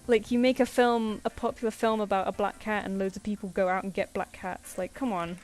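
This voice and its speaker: A woman's voice: mid-range voice, steady tone, fairly quick, a little mellow. Young woman, casual streamer chat, anecdotal and giggly, faint music underneath. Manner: chatty, anecdotal, laughs often, acts out quoted voices. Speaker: artist streaming live commissions.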